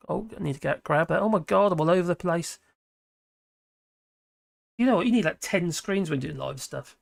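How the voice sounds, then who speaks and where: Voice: mid-range voice, animated, a little fast, gravelly, pauses often. A live-stream host, chatting casually and reacting to viewer comments in a scattered, talkative way.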